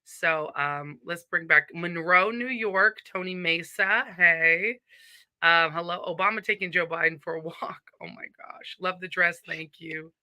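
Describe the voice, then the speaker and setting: A woman's voice: on the low side, sharp tone, no room sound. A woman with a Southern accent hosting a casual live stream from home, chatty and upbeat as she greets viewers and reads their comments.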